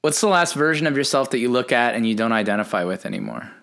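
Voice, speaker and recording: A man's voice: medium pitch, lively intonation, fast, creaky, fairly bright tone. A man hosting a podcast in casual chat, asking reflective questions and reacting briefly. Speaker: podcast host.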